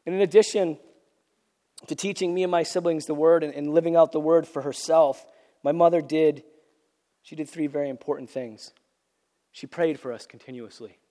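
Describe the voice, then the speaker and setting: A man's voice: a little high, steady tone, normal speed, long pauses, mellow. A man preaching a sermon, earnest and repeating phrases for emphasis, losing his voice from a cold. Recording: long reverb of a large hall.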